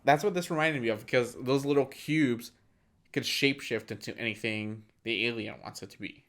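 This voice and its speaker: A man's voice: medium pitch, fairly quick, a bit bright. Man casually recapping a movie. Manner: rambling recaps, frequent fillers. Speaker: podcast co-host. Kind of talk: casual movie-review chat.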